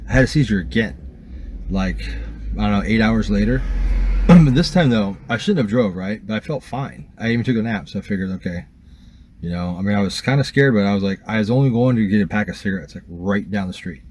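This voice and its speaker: A man with a lowish voice talks casually to his viewers, rambling and swearing freely, full of fillers. A faint hiss sits under the recording. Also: expressive, brisk, darkish tone. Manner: rambling, profane, many fillers. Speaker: vlogger. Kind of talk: casual first-person account.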